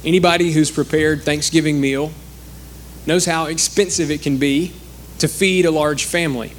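A man's voice: fairly high pitch, fairly even intonation, moderate pace, a little hiss or hum. A man preaching a sermon in a conversational way, acting out the quoted speakers.

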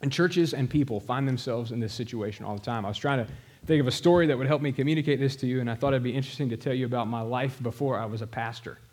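A man in his middle years preaching, mixing personal stories with calls to prayer. His delivery is emphatic and direct, and his pitch sits at an ordinary middle height for a man. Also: fast, hardly any pauses, darkish tone. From American South. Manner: storytelling, emphatic, addresses the congregation directly. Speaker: pastor. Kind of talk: sermon.

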